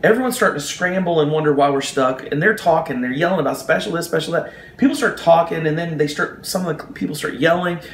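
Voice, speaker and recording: A man telling a personal anecdote in a casual, animated way, acting out the people in it. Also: a little high, fast. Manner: animated, acts out the people in his story. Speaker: storyteller. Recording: roomy echo.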